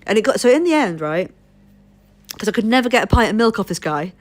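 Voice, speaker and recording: On a live stream, a woman from Leeds, England, with a posh southern English accent chats casually and tells rambling, swear-filled stories. Her medium-pitched voice swings widely in pitch and she talks fast.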